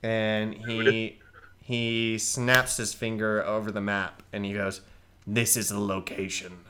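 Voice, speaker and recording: A man running a tabletop game as game master, describing scenes slowly. His voice is bright and clear, and he lets each line settle. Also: fairly low pitch. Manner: slow, descriptive storytelling.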